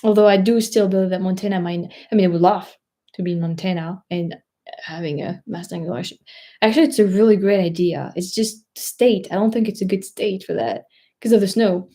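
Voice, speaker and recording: A woman's voice: medium pitch, brisk, dark tone. A French woman with a French accent hosting a casual livestream, rambling, searching for words and laughing often. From France. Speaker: vlogger host.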